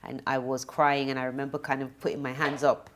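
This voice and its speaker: A woman with a low voice tells a personal story as a guest in an interview. She is animated and often checks in with "you know?", acting out what others said. She sounds like she is in her thirties. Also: fairly quick, slight background noise. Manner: animated, acts out quoted dialogue, frequent "you know". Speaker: guest, singer.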